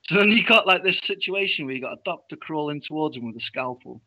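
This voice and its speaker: A young man co-hosting a show, casually retelling a film plot in a halting, rambling way with restarts. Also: on the high side, expressive, pushed and bright, poor audio. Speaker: co-host. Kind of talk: casual chat recapping a film.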